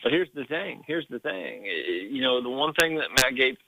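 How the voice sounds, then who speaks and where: A man calling into a radio show, talking in halting phrases that he often restarts, over a phone line. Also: mid-range voice, sing-song, bright, forceful tone, no room sound. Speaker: caller. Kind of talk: call-in radio talk.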